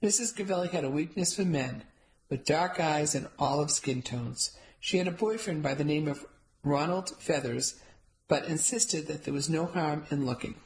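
A woman reading a cozy story in first person, wry and amused. Her narration is even and scripted. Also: low voice, normal speed, poor audio. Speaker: audiobook narrator.

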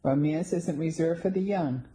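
A woman's voice: low-pitched, normal speed, warm tone, close to an everyday voice. A woman voicing a firm, matter-of-fact middle-aged mother who speaks sternly to her grown daughter.

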